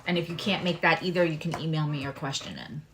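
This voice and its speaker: Swearing without restraint, this live tarot and astrology host talks fast in a low voice, candid and chatty. Now and then she drops to a hushed aside. Background noise is present.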